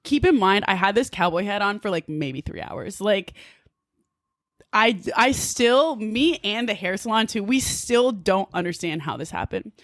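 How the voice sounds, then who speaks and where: A woman from New Jersey, a podcast guest, telling a story in a casual, animated way, full of "like" and quick laughs. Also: mid-range voice, dry recording, clean studio sound. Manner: animated, filler-heavy with frequent "like", laughs often.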